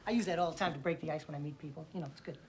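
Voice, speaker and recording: An actor playing a jittery, fast-talking male witness who wisecracks and repeats himself in a rapid, pushy patter. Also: fairly high pitch, darkish tone, slightly rough. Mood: chattering.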